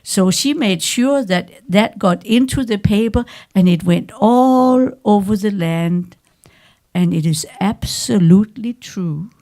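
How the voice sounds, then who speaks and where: A woman's voice: mid-range voice, slow pace, warm tone. A woman finishing a told story with wry emphasis. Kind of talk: oral story telling.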